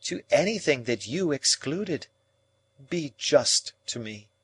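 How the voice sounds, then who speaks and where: A man reading an audiobook, voicing a proud, composed young woman who speaks in a calm, measured way. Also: mid-range voice, slightly rough, pitched above the performer's own voice, heavily acted. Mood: cool. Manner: calm, measured, coldly reasoning.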